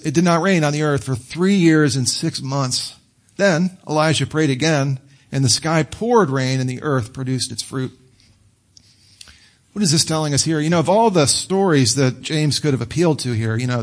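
A man preaching a sermon in an animated, conversational manner. His voice sits a little higher than most men's. He acts out quotes for his listeners. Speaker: pastor.

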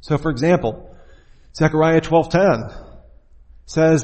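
A man's voice: a little high, unhurried, long pauses, a little mellow, in a large hall. A man giving an informal lecture as a Bible teacher, talking conversationally and putting rhetorical questions to his listeners.

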